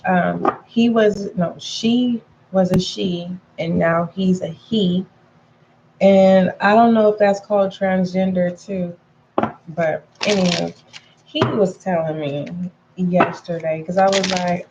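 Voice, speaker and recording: A woman's voice: on the low side, fairly even intonation, slow pace, gravelly, muffled recording, background noise. A woman giving a casual tarot reading to her viewers, chatty and frank, calling them pet names and repeating points for emphasis. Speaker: tarot reader.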